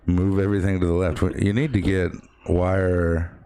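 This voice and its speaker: Co-host, male, very deep voice, loose jokey banter, home podcast mic. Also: level tone, normal speed, dark tone. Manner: jokey, slips into a put-on announcer voice. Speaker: talk show co-host. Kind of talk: casual chat. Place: home studio room. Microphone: new podcast mic.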